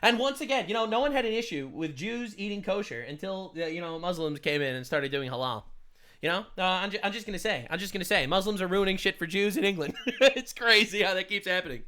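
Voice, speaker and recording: Loud sarcastic streamer man. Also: sits high, animated, fast talker. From United States. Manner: loud, sarcastic, emphatic interjections. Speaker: streamer reacting to a political video. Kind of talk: reaction commentary.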